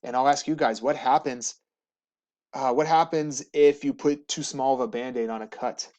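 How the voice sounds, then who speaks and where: A man teaching history, giving a relaxed, joking slideshow lecture to students. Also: medium pitch, normal speed. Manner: casual, jokey, asks students questions. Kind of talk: recorded classroom lecture over slides.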